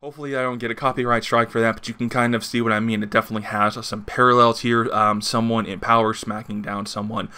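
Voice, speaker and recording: A man reviews a comic book in an easygoing, rambling way. His voice sits fairly low but sounds bright and forward, and he fills the gaps with "uh" and "um" and the odd chuckle. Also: little pitch movement, quick pace, hardly any pauses, clear, resonant tone. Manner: rambling, many fillers, chuckles. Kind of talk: casual video review.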